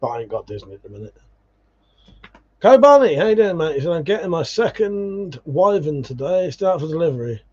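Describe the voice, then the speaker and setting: A man hosts a livestream, chatting casually as he reads viewer comments and drops swear words. He calls people mate along the way. His voice sits a little high, and the stream audio is dull and lo-fi. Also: sing-song, fairly quick, a little mellow. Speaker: livestream host.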